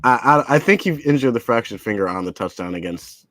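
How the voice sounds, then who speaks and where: A man co-hosting a sports podcast, talking in a measured, steady way about the team's season. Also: medium pitch, dry recording. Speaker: podcast co-host. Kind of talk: casual sports talk.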